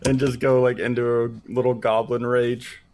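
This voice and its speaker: A man's voice: mid-range voice, little pitch movement, moderate pace, a little mellow. A man playing a tabletop game, talking casually and a little hesitantly. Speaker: player.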